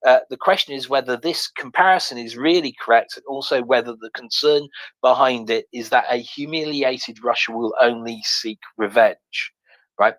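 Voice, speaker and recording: A man's voice: medium pitch, moderate pace, fairly bright tone, no echo, poor audio. A man hosting a live audio chat, reading an article aloud with many fillers, restarts and wry asides. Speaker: host.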